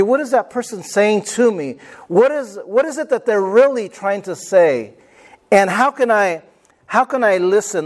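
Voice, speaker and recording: A middle-aged male pastor preaching a sermon, emphatic, repeating key phrases and calling for amens from the congregation. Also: sits high.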